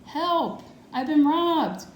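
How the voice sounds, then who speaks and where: A woman voicing a distraught old grandfather in a picture-book read-aloud, shrill and dramatic. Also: animated, slow pace, darkish tone, slight background noise. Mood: panicked. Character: upset old grandfather who lost his teeth. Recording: echoey room.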